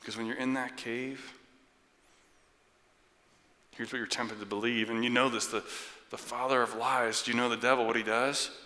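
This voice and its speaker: Bright-voiced pastor in a reverberant church. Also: male voice, mid-range voice, level tone, normal speed, long pauses. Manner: conversational, checks in with "right?". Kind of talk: sermon. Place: church sanctuary. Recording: long reverb of a church hall.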